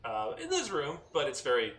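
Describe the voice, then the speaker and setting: A man narrating as game master of a tabletop game, talking in a relaxed way with many fillers. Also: medium pitch, moderate pace. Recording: roomy echo, mic at a distance, faint noise.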